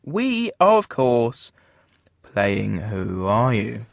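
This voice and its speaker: Young guy hosting a radio show, rambly and giggly, mid pitch. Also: huge pitch swings, very slow, gravelly, faint music behind. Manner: rambling, laughing, loses track. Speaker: host. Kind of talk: casual radio chat.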